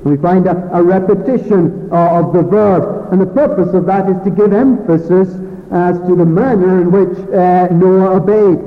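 High-voiced preacher on a tinny line. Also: male voice. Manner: earnest, pausing with fillers and restarts. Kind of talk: sermon. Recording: phone-like thin sound with long hall reverb.

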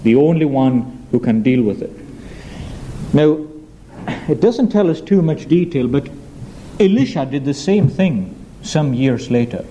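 A man preaching a sermon, earnest and emphatic, slowing down on weighty phrases. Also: mid-range voice, lively intonation, dark tone, lo-fi sound, a little hiss or hum.

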